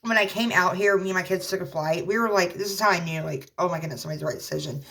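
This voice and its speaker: A woman, a mother, talking casually to her viewers in a rambling, halting way with lots of fillers, earnestly offering religious encouragement. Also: lowish voice, fairly bright tone. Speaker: vlogger. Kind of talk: casual talk to camera.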